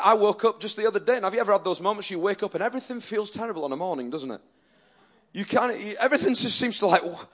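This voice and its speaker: A man's voice: high-pitched, fairly bright tone. A male pastor preaching a sermon earnestly and emphatically, often restarting his sentences.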